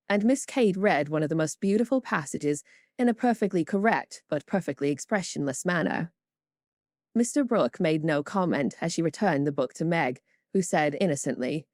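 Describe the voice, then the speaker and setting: Here a low-voiced woman narrates an audiobook from a script, keeping her storytelling measured and even. The sound is dry and studio-clean.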